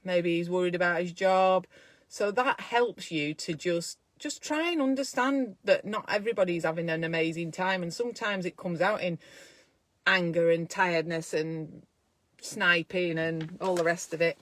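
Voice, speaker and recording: A woman's voice: on the low side, fairly bright tone. A woman who is a midwife, talking casually to camera in a self-care vlog, chatty and encouraging as she thinks aloud from a small room at home.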